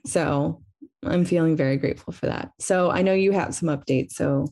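Mellow, low-voiced woman hosting a podcast. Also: moderate pace, creaky. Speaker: podcast host. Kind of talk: casual chat and sign-off.

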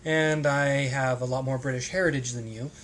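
A man's voice: mid-range voice, fairly even intonation, normal speed, fairly bright tone, a little hiss or hum. A man hosting a casual podcast, rambling and hesitant, with plenty of restarts and ums. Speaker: podcast host.

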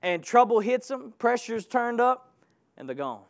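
Male preacher, very high voice, impassioned sermon delivery with call-outs to the congregation. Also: big pitch swings, unhurried, creaky.

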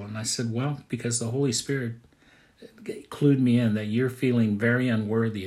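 A man's voice: lowish voice, darkish tone. A man who is a pastor, preaching an earnest, conversational sermon and repeating key phrases.

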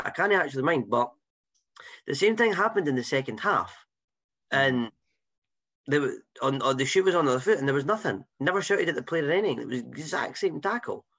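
A Scottish man on a podcast, retelling match moments in a hesitant, lively way. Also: a little high. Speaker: podcast co-host. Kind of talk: casual football chat.

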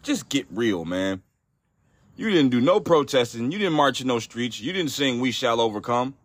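A man's voice: medium pitch, lively intonation, moderate pace, no room sound. A man hosting a solo podcast, ranting in a profane, exasperated way with frequent restarts. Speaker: podcast host.

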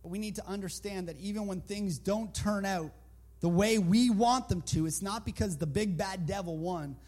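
A male preacher with a very high voice, delivering a sermon. He tells stories, repeats his points for emphasis and leans into an emphatic, animated delivery. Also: normal speed. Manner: emphatic, storytelling, repetitive.

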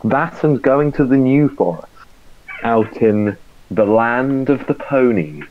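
A man's voice: medium pitch, expressive, slow, phone-quality sound, slight background noise. A man co-hosting a casual podcast, mumbling and self-deprecating, trailing off as he talks. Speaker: podcast co-host. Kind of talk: casual banter, reading out a message.

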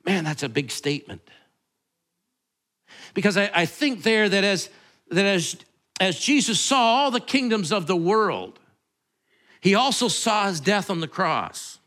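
A man's voice: high voice, big pitch swings, a little slow, long pauses, a bit bright. A male pastor, preaching in a conversational, rambling way full of asides and restarts. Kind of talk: sermon.

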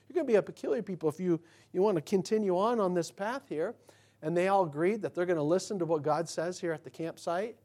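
A man preaching a sermon, talking casually and shifting from quiet asides to loud outbursts. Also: high voice, lively intonation, fairly quick. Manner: conversational preaching, swinging between soft asides and loud bursts. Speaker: pastor.

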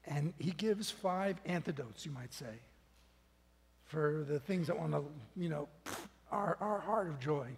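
A man's voice: fairly high pitch, measured pace, gravelly, slightly rough. A man preaching a sermon as pastor, talking in a loose, conversational way with restarts and small laughs. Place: church hall. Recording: long echo of a big hall.

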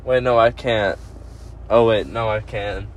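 A man's voice: on the low side, fairly even intonation, a little slow, dull audio, a little hiss or hum. A man hosting a podcast in casual chat from a parked car, rowdy and profane, laughing often. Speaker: podcast host.

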